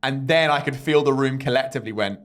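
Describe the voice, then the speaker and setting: A young man and podcast host, telling a stand-up story in a casual, animated way and acting out the people in it. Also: medium pitch, quick pace. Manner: animated storyteller who mimics people in quotes.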